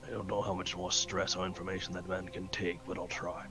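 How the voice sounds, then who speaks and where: Male player, low bright voice, stop-start casual chat, faint music underneath. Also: level tone, low-quality recording. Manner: halting, full of fillers and restarts. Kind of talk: casual tabletop game chat.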